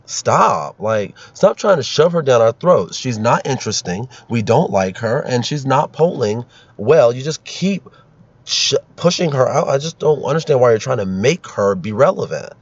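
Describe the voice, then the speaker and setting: A man's voice: mid-range voice, expressive, normal speed, no room sound. A man hosting his own political commentary, sarcastic and ranting, laughing at his own jokes. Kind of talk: opinionated solo commentary. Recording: dull lo-fi recording.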